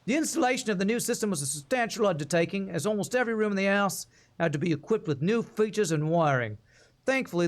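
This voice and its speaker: A man putting on a wobbly British accent. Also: high-pitched. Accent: put-on British, drifting between Cockney and Australian. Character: a man reading estate notes in a shaky British accent. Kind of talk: reading in-game text aloud in a put-on accent.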